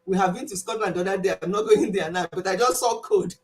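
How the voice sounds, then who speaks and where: Animated Nigerian woman chatting on a live stream. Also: mid-range voice, quick pace, rough recording. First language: Igbo. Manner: animated storytelling, laughs often, mixes in Igbo words. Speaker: health channel host. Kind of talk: casual live-stream chat.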